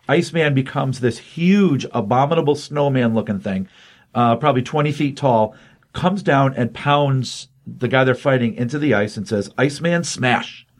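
A man casually recapping a comic book issue, quoting the characters in his own plain voice with lots of ums. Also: medium pitch. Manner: retells scenes quoting characters in a flat voice, many ums.

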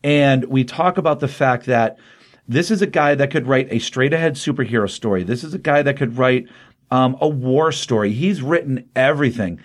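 A man co-hosting a podcast casually recaps a comic, retelling its story in a rambling way and slipping into quoted lines. His voice is mid-range and his pace moderate.

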